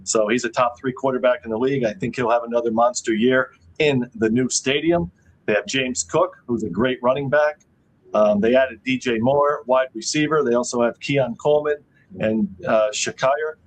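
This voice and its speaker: A man's voice: medium pitch, moderate pace, rough recording. Matter-of-fact man previewing a football season. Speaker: sports betting show co-host. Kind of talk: casual betting talk.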